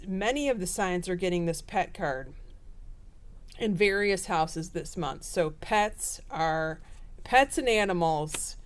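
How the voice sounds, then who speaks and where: Chatty tarot lady, smooth clear voice, rambles with ums. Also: medium pitch. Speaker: tarot reader. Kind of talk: casual tarot reading.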